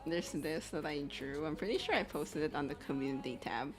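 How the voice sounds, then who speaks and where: A woman's voice: sits low, fairly quick, over music. Rambling, giggly young woman. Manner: rambling and giggly, swears freely, lots of "like" and "you know". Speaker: animator. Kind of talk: casual chat while sharing her screen.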